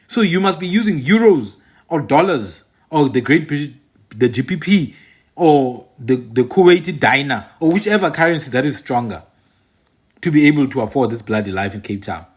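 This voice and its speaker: A man's voice: mid-range voice, lively intonation, normal speed, slightly rough. A man with a South African accent who hosts a channel, giving an opinionated monologue to his viewers and repeating phrases for emphasis. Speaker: channel host and commentator.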